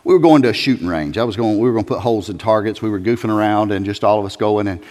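A male pastor preaching a sermon in a folksy, emphatic way, building to loud peaks. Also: on the low side, racing. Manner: folksy, emphatic, rising to shouts. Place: church sanctuary. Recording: church hall reverb.

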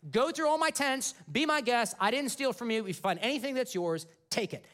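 Give me a man playing an exasperated, defiant patriarch who talks like a regular guy, higher pitched. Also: lively intonation, fairly quick, a bit bright. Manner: casual modern retelling.

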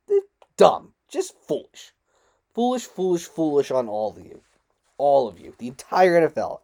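Frustrated, swearing man ranting about sports, mellow voice. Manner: frustrated, swearing, loose and rambling, with big pitch jumps. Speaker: podcast host. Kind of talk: solo sports talk rant.

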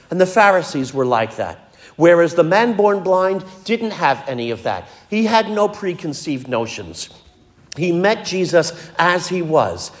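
Earnest older preacher in a reverberant hall. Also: male voice, on the high side. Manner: earnest, acts out quoted voices. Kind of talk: sermon.

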